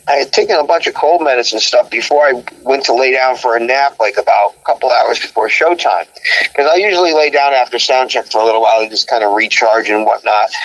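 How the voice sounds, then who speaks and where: A man guest in a casual interview, telling road stories in an animated way, acting out quotes and laughing often. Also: mid-range voice, no echo, rough recording.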